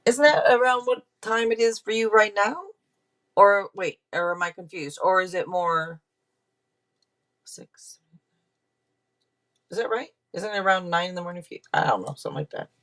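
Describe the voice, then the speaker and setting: A woman's voice: mid-range voice, moderate pace, long pauses, a bit bright. A woman runs a tarot live stream, chatting loosely with her viewers in a mid-range voice. She thanks donors and checks in with the chat, often trailing off and starting sentences over, and her voice is picked up by a camera mic.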